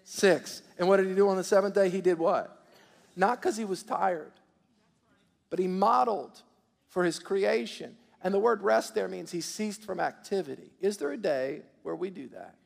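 A man with a high, gravelly voice preaches in a call-and-response style, often repeating himself and prompting the congregation to answer. His voice carries a long reverb from the church hall around him. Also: moderate pace. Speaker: pastor. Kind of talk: sermon. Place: church sanctuary.

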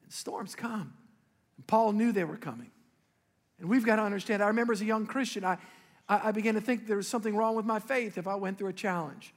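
A male pastor with a very high voice, preaching a sermon in a big church hall with a long echo. He tells the story vividly, rising loud and then dropping to quiet, pointed emphasis. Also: fast talker. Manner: animated storytelling with sudden drops to quiet emphasis.

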